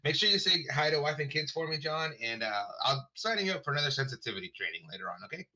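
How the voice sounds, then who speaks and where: A man playing in a tabletop game, speaking in character in a smooth, teasing way. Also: a little high, lively intonation, fast talker, bright, forceful tone. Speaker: player.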